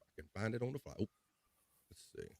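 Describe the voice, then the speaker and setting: A man's voice: on the low side, wildly swooping pitch, fast talker, gravelly, darkish tone, dry recording. A man hosting a casual live chat show, reading viewer comments aloud in a loose, upbeat way with playful filler sounds.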